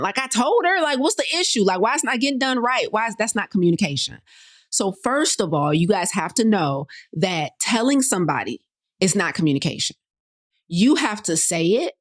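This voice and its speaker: Woman host, blunt, animated, lowish voice, motivational talk. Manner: direct, animated, colloquial, addresses listeners as y'all and you guys. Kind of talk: motivational talk to an online audience.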